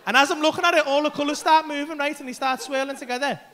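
A man doing stand-up on a club stage, telling a story in a very high, ringing voice. He swears freely and acts out the other voices and his own panic, with audience laughter rolling in behind him. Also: fairly even intonation, fast talker, bright, forceful tone, slight background noise. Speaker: stand-up comedian.

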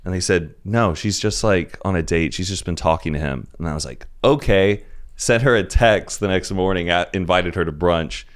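A man's voice: low voice, normal speed. A young man on a podcast as a guest, telling rambling anecdotes in casual chat, full of "like" and "dude".

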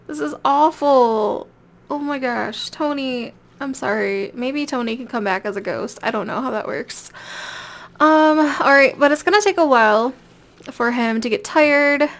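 High-voiced woman chatting over a game. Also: fairly bright tone. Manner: chatty, talks directly to the game characters. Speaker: gameplay video creator. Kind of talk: casual let's-play commentary.

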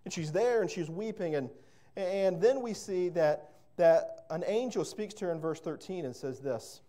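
Fervent high-voiced male preacher. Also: expressive, moderate pace, warm tone. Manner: fervent, emphatic, with repeated words and storytelling asides. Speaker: pastor. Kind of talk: sermon.

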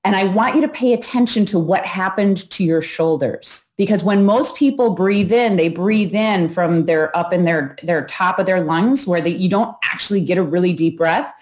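Calm woman coaching a breathing exercise. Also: lowish voice. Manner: calm, instructive, pauses to guide breathing. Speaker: host. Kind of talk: coaching talk to viewers.

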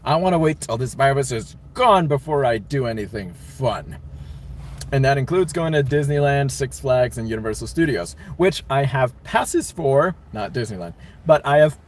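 Young male streamer, slightly high voice, loose and chatty, reads out chat. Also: expressive, moderate pace. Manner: chatty, rambling, laughs often. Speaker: livestream host reading chat. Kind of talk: casual live-stream chat.

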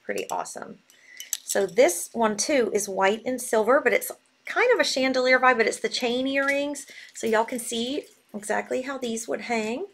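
A bubbly woman hosts a live selling stream and gushes freely. Her voice sits a touch high for a woman, bright with easy enthusiasm. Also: moderate pace, slight background noise. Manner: bubbly, gushing. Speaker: live sale host.

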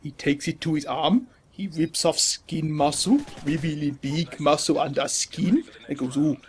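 A man's voice: on the high side, measured pace, slight background noise, natural voice. A man putting on a boastful fake French gamer with a mock French accent and broken English, taunting players and telling tall tales over voice chat. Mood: boastful storytelling. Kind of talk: prank gaming voice chat.

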